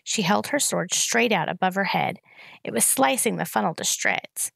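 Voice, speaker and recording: A woman reading a novel aloud in a steady storytelling narration. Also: mid-range voice, normal speed, creaky, breathy edge, dry recording. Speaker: reader.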